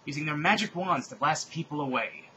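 A man giving a comedic dramatic reading of bad fan fiction, with deadpan asides between exaggerated passages. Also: a little high, a little fast, muffled recording, a little hiss or hum. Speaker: fanfic reader.

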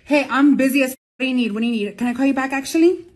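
A man's voice: extremely high pitch, rapid-fire. A man playing a brash, crude young woman from California who swears, laughs and drawls slang in a comedy sketch.

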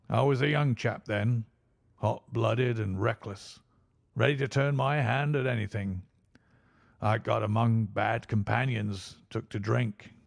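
A man reading as a gravelly, dying old confessor. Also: medium pitch, no room sound, studio quality. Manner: earnest confessional telling. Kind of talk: audiobook reading.

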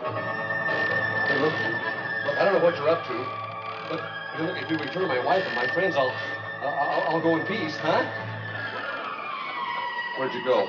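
An actor playing a nervous, stammering husband in a 1960s sitcom. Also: male voice, a little high, unhurried, long pauses, close to an everyday voice. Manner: flustered, stammering, jittery. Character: nervous suburban husband, comedy writer. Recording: dull old TV sound, roomy, laugh track and music.

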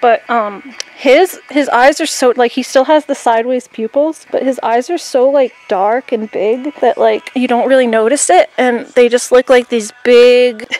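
A woman's voice: on the high side, moderate pace, darkish tone, a little hiss or hum. A young woman vlogging casually while caring for her goats in a barn, chatting with lots of "like" and cooing at the animals. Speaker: vlogger and goat keeper. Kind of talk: casual chat. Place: outdoor goat barn.

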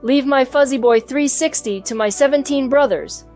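A woman reading a children's storybook aloud in an even, clear storytelling manner, voicing the hamster who narrates his own adventure. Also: sits high, normal speed. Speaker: storybook reader. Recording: soft music behind the voice.

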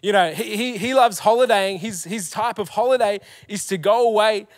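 A man's voice: high voice, normal speed, no echo, studio quality. A young man preaching to a youth audience as a pastor, telling stories casually with slang and self-mocking humor.

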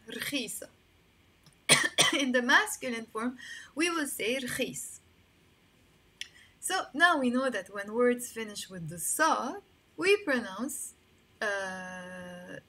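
A woman with a Lebanese accent teaching Arabic vocabulary, modeling words slowly and repeating them, then explaining them in English, recorded without a microphone. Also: a little high, sharp tone. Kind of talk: language lesson. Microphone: no microphone, built-in mic.

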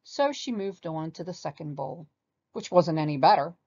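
A woman reading a children's story aloud with animated expression. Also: low-pitched, normal speed, breathy edge, dull audio.

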